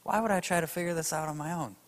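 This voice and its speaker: A man's voice: a little high, fast, long reverb tail. A man preaching a sermon, emphatic and speaking straight to his audience. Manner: emphatic, addresses the audience directly.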